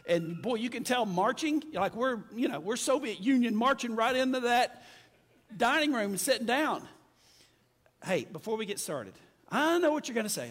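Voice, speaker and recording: A man's voice: high-pitched, sing-song, moderate pace, fairly bright tone. A man preaching a sermon to a congregation, talking in a conversational way and calling out for amens. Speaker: pastor. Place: church sanctuary with congregation. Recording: long hall reverb with faint music.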